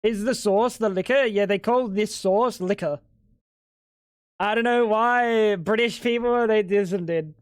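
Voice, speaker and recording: A man's voice: high-pitched, unhurried, clean tone, dry recording, studio quality. A young man streaming live at home, bantering with chat in a crude, joking way. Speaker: livestreamer.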